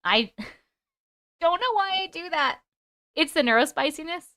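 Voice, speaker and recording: A woman in her thirties with a Long Island accent, hosting a casual live stream; she talks loudly and excitedly and laughs often. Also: high-pitched, measured pace, dry recording, clean studio sound. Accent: Long Island New York. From Long Island, New York. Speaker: YouTube live host. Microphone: close microphone.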